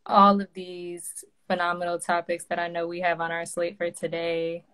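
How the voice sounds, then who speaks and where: A woman's voice: lowish voice, monotone, moderate pace, a bit bright. A woman in her twenties, a graduate student hosting a casual live video interview, friendly and full of fillers.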